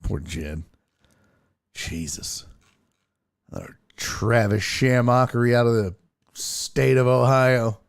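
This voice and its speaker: Slow, animated sports-talk guy. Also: mid-range voice. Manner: loose, profane, joking banter with chat. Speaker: sports talk show host. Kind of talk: casual live-stream sports chat.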